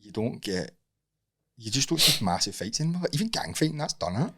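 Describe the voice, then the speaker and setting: A middle-aged Scottish man, a guest on a casual podcast, telling animated stories with plenty of swearing. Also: mid-range voice, brisk, slightly rough. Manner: animated storytelling, heavy swearing. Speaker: guest, Muay Thai coach.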